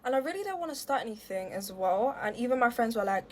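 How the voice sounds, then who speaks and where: Speaking fast and animatedly with hardly a pause, this storytime creator has a somewhat high voice, with a little background noise behind her. The young woman rambles through an aggrieved tale to camera, leaning heavily on fillers.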